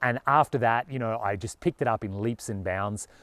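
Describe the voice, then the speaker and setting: A man's voice: fairly low pitch, normal speed, fairly bright tone, dry recording. A man with an Australian accent talking earnestly and casually to camera as a travel vlogger, with a lot of "you know".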